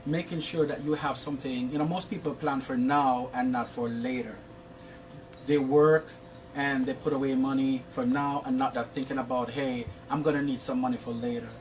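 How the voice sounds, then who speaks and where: A man's voice: mid-range voice, steady tone, normal speed, far from the mic, a little hiss or hum. A man from Jamaica with a Jamaican accent, giving long, earnest interview answers about his insurance work and often restarting his words. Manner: explains at length. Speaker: interview guest, insurance professional.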